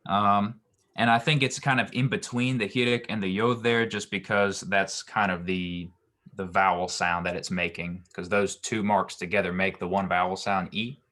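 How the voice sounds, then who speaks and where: A man teaching grammar in a very low, deep voice. He explains patiently and haltingly, with frequent ums and restarted phrases. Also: steady tone, pushed and bright. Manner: hesitant, many ums and restarts. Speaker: Hebrew grammar tutor.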